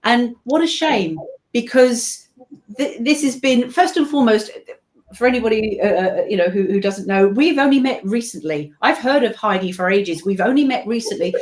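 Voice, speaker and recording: A slightly high, expressive, and somewhat mellow voice belongs to a British woman, a voice-over narrator, who is a guest in a casual video-call interview. At a moderate pace, she spins long, rambling stories full of asides.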